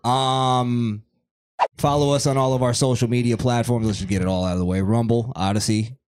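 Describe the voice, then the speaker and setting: A man's voice: medium pitch, fairly even intonation, moderate pace, a little mellow, a little hiss or hum. A man co-hosting a podcast in casual chat, rambling loosely and laughing often. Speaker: podcast co-host.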